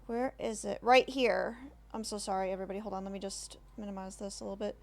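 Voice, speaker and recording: A woman streamer giving reaction commentary, halting and emotional, with many restarts and apologies. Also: medium pitch, fairly even intonation, vocal fry.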